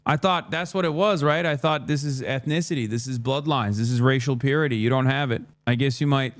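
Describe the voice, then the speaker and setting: An American man giving sarcastic, rapid-fire live-stream political commentary. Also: medium pitch, dry recording. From United States.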